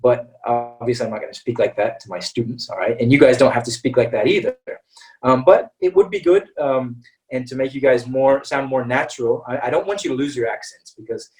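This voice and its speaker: A man's voice: mid-range voice, expressive, a little fast, darkish tone. American guy teaching english online, chatty, keeps saying all right, sounds a bit far from the mic. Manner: chatty, repeats words and says "all right" and "okay" often. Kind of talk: live webinar lesson.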